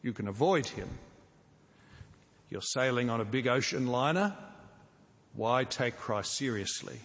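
Man, preacher, earnest sermon, deliberate emphasis, mid-pitched voice, long hall reverb. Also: a bit bright. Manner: earnest, slows down for emphasis, acts out imagined scenes.

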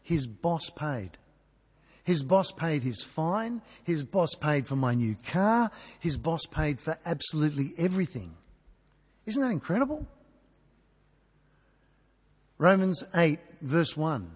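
A pastor in his fifties with an Australian accent preaches a sermon as a conversational, self-mocking storyteller. His voice is a little high, sing-song, and breathy at a measured pace, with long reverb from the large church.

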